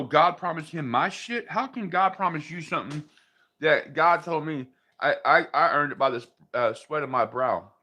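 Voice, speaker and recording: A man's voice: on the high side, pushed and bright. A man hosting a livestream, ranting in an irritated, profane way and chatting casually with his viewers and dogs. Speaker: livestream host.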